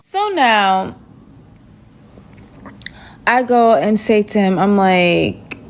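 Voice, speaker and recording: A young woman telling a dramatic personal story in a chatty, animated way, full of asides. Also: mid-range voice, extremely slow, noisy background. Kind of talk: casual storytime monologue.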